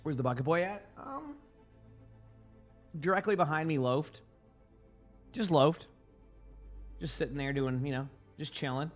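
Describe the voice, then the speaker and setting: A man's voice: a little high, animated, unhurried, long pauses. Sleepy morning-voice guy rambling to chat on stream, trips over words a lot, faint music playing. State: morning voice, just woke up. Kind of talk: casual livestream chat.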